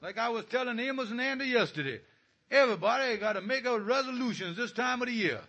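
A man's voice: very high-pitched, expressive, fast, bright, forceful tone, highs cut off, full character voice. A man playing a scheming, blustering middle-aged husband in a radio comedy, talking in broken grammar and fawning to get his way. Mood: wheedling. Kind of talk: 1940s radio comedy acting.

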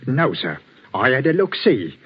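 An actor in a 1940s radio drama playing a chatty, deferential village greengrocer. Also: male voice, mid-range voice, huge pitch swings, unhurried, noisy background. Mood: uneasy. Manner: deferential, colloquial, says "sir" often. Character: chatty working-class village greengrocer, bell-ringer. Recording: dull old radio recording.

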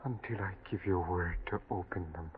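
An actor playing the ghost of a drowned young man, speaking slowly in a hushed, half-whispered way in a 1940s radio drama. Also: deep voice, lightly acted. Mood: mournful. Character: ghost of a drowned young son, weary and mournful. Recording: tinny scratchy old radio broadcast.

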